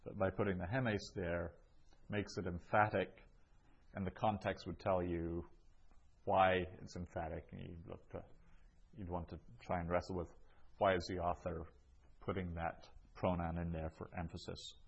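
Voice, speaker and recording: A man's voice: sits low, level tone, normal speed, vocal fry, breathy edge, muffled recording. A man teaching a language lesson, reading each phrase twice before translating it, with frequent ums. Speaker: Greek teacher. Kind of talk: slow explanatory language lesson.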